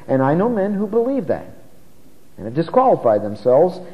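Male preacher, slightly high voice, teaches through scripture with emphatic slow stresses; dull recording in a big echoing hall. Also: wildly swooping pitch. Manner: emphatic, slows down to stress key words. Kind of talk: expository sermon. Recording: muffled recording with long hall reverb.

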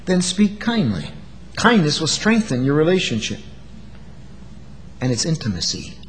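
A man's voice: fairly high pitch, huge pitch swings, measured pace, big-room sound, a little hiss or hum, poor audio. A man preaching an earnest sermon, acting out quoted lines as he goes.

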